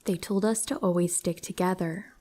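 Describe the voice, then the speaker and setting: Hushed woman narrating horror stories. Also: fairly low pitch, steady tone, normal speed. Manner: soft, hushed storytelling, slipping into whispers. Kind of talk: scripted narration of listener stories.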